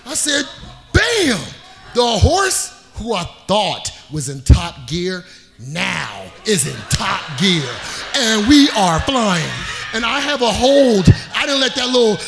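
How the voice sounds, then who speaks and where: Man, middle-aged, high voice, live comic storytelling, animated delivery. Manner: animated, acts out scenes, voice rises when panicked.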